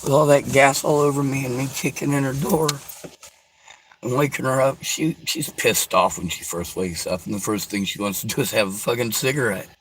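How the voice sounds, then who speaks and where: A man's voice: mid-range voice, normal speed, a bit bright, slight background noise, rough recording. A man telling a personal story to the camera, rambling, repeating himself and swearing freely. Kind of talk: casual spoken storytelling to camera.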